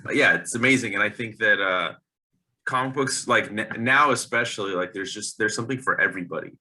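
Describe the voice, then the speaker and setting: Bright-voiced enthusiastic male host. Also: fairly low pitch, brisk. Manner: enthusiastic, rambling with fillers. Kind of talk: casual interview chat.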